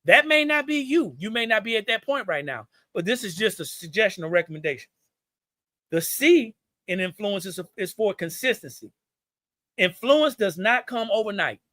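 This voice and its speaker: Preachy Southern man, high and bright. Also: animated, normal speed, no room sound, studio quality. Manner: preachy and folksy, repeats points, addresses viewers as y'all. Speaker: business owner hosting a live stream. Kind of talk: motivational business talk on a live stream.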